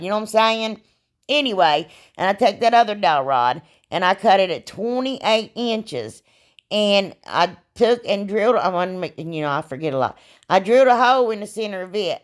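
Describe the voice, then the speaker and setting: Chatty woman, a bit hoarse. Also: on the low side. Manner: chatty, rambling, self-deprecating, frequent "y'all" and "anyway". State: slightly hoarse, losing her voice. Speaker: craft channel host. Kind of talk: casual craft voiceover.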